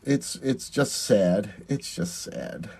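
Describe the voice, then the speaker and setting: A man's voice: mid-range voice, takes it slowly, darkish tone, slightly rough. A man who performs in drag, chatting casually on a phone live stream while doing his makeup, reading out and answering viewer comments. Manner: chatty, reads viewer comments aloud and thanks them.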